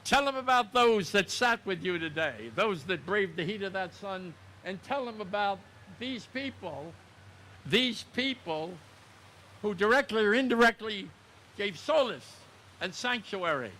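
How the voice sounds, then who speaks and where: A man's voice: high-pitched, lively intonation, measured pace, pushed and bright, a little hiss or hum. A man in his nineties, a veteran speaking solemnly at an outdoor memorial ceremony, repeating words for emphasis. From United States. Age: 90s. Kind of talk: ceremonial public speech.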